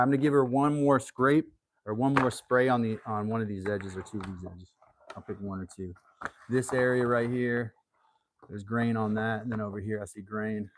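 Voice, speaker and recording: A man hosting a livestream from his workshop, chatting in a relaxed, folksy way and thinking aloud as he works on leather. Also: lowish voice, noisy background. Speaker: host of a woodworking and leathercraft channel. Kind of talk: casual livestream how-to chat. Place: home workshop.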